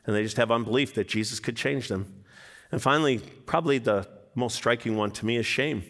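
Brief: male pastor, lively sermon delivery with acted-out quotes, echoing church sanctuary. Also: mid-range voice, fairly quick. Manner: animated, acts out quotes in character voices.

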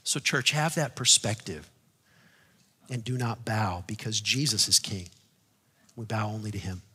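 A male pastor preaching a sermon in a conversational way, moving from hushed, quiet asides to loud, fervent declarations. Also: fairly low pitch, measured pace, husky, in a large hall. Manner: conversational, with restarts and "like" fillers.

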